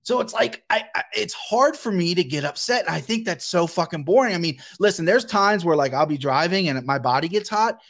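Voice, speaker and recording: Animated, swearing man ranting about sport. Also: a little high. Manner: animated, profane, ranting fan. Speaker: guest. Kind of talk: casual sports podcast chat.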